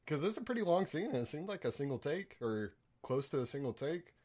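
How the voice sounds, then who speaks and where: An American man co-hosting a casual podcast, talking about films hesitantly with many pauses and restarts. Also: a little high, very animated. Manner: hesitant, many fillers and restarts, laughs softly. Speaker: podcast co-host. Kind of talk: casual film review chat.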